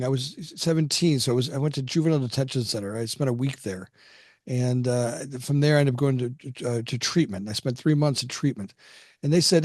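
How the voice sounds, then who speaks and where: A middle-aged man talks through his past in a loose, rambling storytelling style. He stumbles over and repeats words, slipping into other people's voices when he quotes them. His voice sits at an ordinary pitch, and the sound is dry and close. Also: a little mellow, no room sound. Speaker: podcast guest. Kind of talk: casual storytelling.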